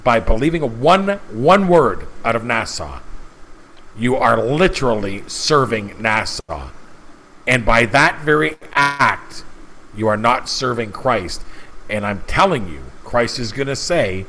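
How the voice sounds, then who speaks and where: A man's voice: mid-range voice, expressive, unhurried, sharp tone, a little hiss or hum, poor audio. A man preaching emphatically in a casual monologue, often stumbling and repeating words as he presses his point. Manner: emphatic, repetitive, stumbles and restarts. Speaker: channel host.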